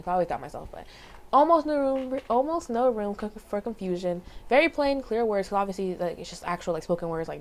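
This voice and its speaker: A young woman talks to camera in a loose, rambling way, circling back and correcting herself often. Her voice sits at an ordinary middle pitch, and she peppers her story with fillers and soft laughs. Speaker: vlogger. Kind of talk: casual personal storytelling.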